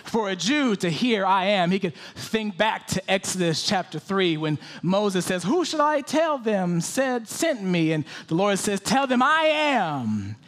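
A man preaching a sermon, swinging from loud pleading questions to hushed whispers. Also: sits high, big pitch swings, a little slow, few pauses.

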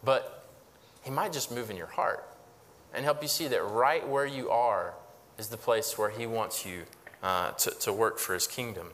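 A man's voice: on the low side, a little slow, a bit bright, long reverb tail. A man preaching a sermon as pastor, earnest and emphatic, often repeating phrases and restarting words.

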